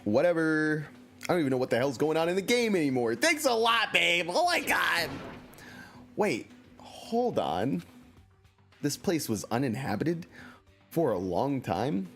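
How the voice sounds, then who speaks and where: A male game streamer chats in a lively voice whose pitch swings widely. He jokes around, teases and mocks himself. Faint music plays underneath. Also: a little slow, pauses often. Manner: playful, joking and self-mocking. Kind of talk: casual let's-play commentary.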